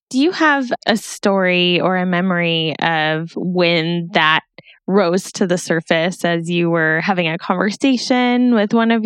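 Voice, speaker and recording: A middle-aged woman interviewing a guest, gently encouraging and affirming. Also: lowish voice, clear, resonant tone, no room sound, studio quality. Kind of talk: warm conversational interview.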